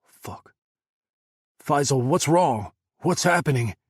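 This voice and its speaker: A man voicing a desperate man shouting over a phone line, his voice breaking with panic. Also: a little high, expressive, takes it slowly, slightly rough, no echo, clean studio sound, pitched above the performer's own voice, full character voice. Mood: alarmed.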